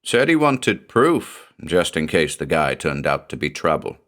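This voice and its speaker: A man's voice: very deep voice, big pitch swings, unhurried, fairly bright tone, exaggerated voice. A man voicing a plump, friendly photographer with a Geordie accent, chatty and affable.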